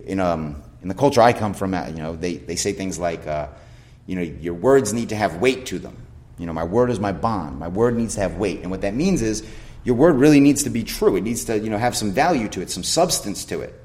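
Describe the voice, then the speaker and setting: A man's voice: on the low side, darkish tone. A man preaching a sermon as pastor, emphatic, with rhetorical questions and quoted scripture.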